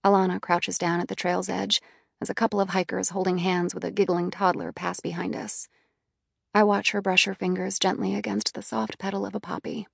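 A woman reading a first-person audiobook in a quiet, inward, subdued manner. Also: medium pitch, flat delivery, brisk, creaky, husky, no echo, clean studio sound. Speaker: audiobook narrator.

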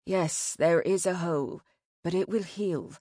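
A woman's voice: fairly low pitch, measured pace, dark tone, breathy edge, no echo, clean studio sound. A woman doing a rusty-voiced wounded demon man. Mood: grumbling. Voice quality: rusty, strained. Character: wounded male demon, gruff and terse.

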